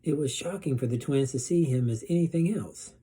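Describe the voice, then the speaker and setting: Teacher guy reading a kids book out loud, low dark voice, kinda husky. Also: fairly quick. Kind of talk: reading a storybook aloud.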